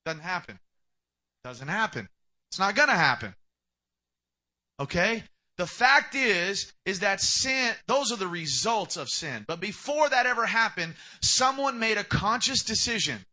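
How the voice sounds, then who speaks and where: Young male pastor, sermon delivery, high and very bright voice, emphatic. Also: sing-song, unhurried. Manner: emphatic preaching, acts out quoted speakers.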